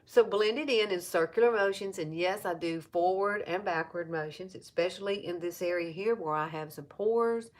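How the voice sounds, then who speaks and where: A woman's voice: on the low side, moderate pace, hardly any pauses. A woman in her fifties with an Alabama Southern accent gives a chatty, casual makeup tutorial, often repeating herself and talking straight to viewers. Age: 50s. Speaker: makeup seller and vlogger.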